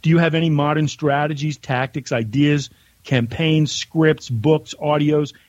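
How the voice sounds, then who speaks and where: A man's voice: a little high, fairly even intonation, unhurried, darkish tone, no room sound, dull audio. A man from the United States, a podcast guest, reading his own letter aloud in a blunt, conversational way on a remote call. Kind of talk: casual chat and reading aloud.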